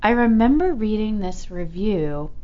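A woman's voice: medium pitch, animated, unhurried, muffled recording. A woman co-hosting a radio talk show, chatting casually and laughing easily. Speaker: radio co-host. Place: radio studio.

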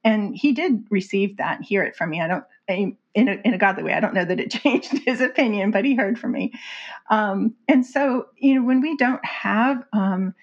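A woman speaking as an author and guest in a conversational interview, earnest and animated, laughing often. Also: medium pitch, moderate pace. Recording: slightly dull lo-fi audio.

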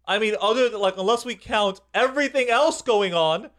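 Casting: man with a high, bright voice, podcast co-host, enthusiastic rambling chat full of fillers and casual swearing. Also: expressive, brisk.

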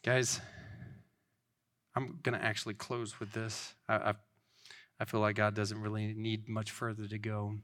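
A man's voice: fairly low pitch, completely flat delivery, measured pace, long pauses, a bit bright. A man in his thirties giving an informal, earnest sermon, rambling with many restarts.

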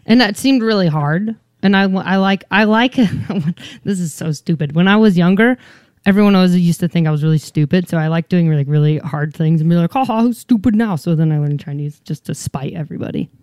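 A woman guest in casual chat, animated and self-mocking, swearing freely. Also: on the low side, a little fast, smooth, no room sound, clean studio sound.

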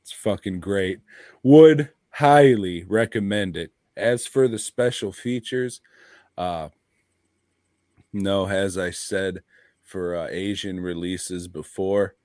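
A man's voice: deep voice, takes it slowly, darkish tone, dry recording, studio quality. A man co-hosting a podcast, talking in a rambling, profane, laid-back way about movies. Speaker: podcast co-host. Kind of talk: casual chat.

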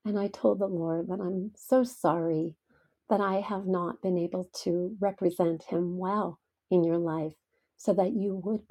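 A woman's voice: lowish voice, dark tone, husky. A middle-aged woman hosting a devotional podcast, telling stories in an earnest, heartfelt way. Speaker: podcast host.

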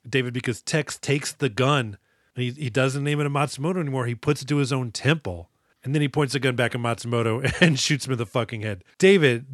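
A man's voice: mid-range voice, dry recording, studio quality. A man co-hosting a podcast, retelling a movie in a casual, profane and laughing way. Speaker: podcast co-host. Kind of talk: casual movie-review chat.

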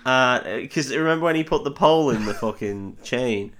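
A man's voice: mid-range voice, animated, normal speed, a bit bright, a little hiss or hum. A man co-hosting a podcast, casually recapping a film, laughing often, swearing and acting out the characters' lines. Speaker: podcast co-host.

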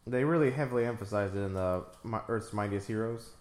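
A man's voice: on the low side, fast talker, darkish tone, echoey room. A man co-hosting a casual movie commentary, joking and riffing. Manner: joking, riffs into silly voices. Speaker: podcast co-host.

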